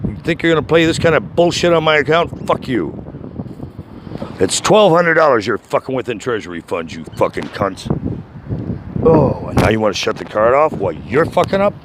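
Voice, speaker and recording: A man making an angry call to a bank, shouting and swearing constantly. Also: medium pitch, very animated, normal speed, noisy background. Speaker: caller.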